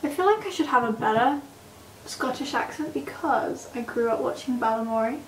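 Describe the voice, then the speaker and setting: A young woman chatting excitably and giggling through a casual makeup vlog at home. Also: fairly high pitch, normal speed, a little hiss or hum. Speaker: makeup vlogger. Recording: roomy, distant mic with background music.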